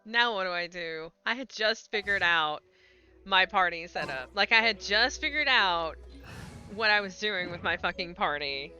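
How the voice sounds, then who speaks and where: A woman streaming a video game, chatting casually into a desk mic, swearing freely and swinging between low mutters and loud excited yelps. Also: highs cut off. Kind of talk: casual gameplay stream chat.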